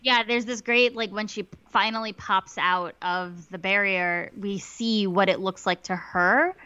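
A woman's voice: mid-range voice, steady tone, unhurried, pushed and bright, clear, resonant tone, no echo, lo-fi sound. A woman co-hosting a podcast, recapping a TV episode in casual chat with lots of "like" fillers. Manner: chatty, many "like" fillers, quotes lines in little voices. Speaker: podcast co-host.

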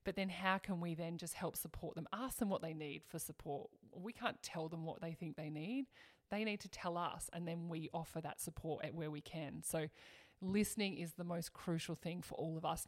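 A woman's voice: deep voice, no room sound, studio quality. A woman, a former athlete, speaking reflectively and openly as a podcast guest. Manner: reflective, open, laughs now and then. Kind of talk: interview conversation.

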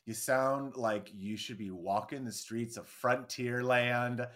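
A podcast co-host chatting casually, adding quick reactions and commentary. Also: medium pitch, steady tone, a bit bright. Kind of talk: casual chat.

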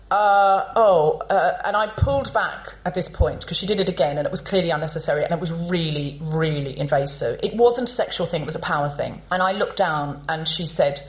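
A woman hosting a comedy podcast on stage, telling a story to a live audience in an animated, chatty way and acting out the people in it. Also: on the low side, normal speed.

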